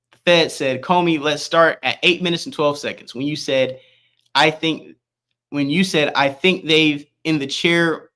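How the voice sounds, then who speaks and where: A man reading court transcript aloud as an online news commentator, halting and repeating words, with casual asides. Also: on the high side, a bit bright. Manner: reads in a rushed, halting way, stumbling and repeating words.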